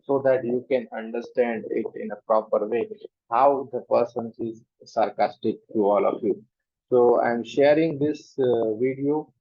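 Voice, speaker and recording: A man giving an online lecture as host of a reading club, explaining in a measured way and often starting sentences with "so". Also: mid-range voice, no room sound. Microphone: online meeting audio. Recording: dull, lo-fi online call audio.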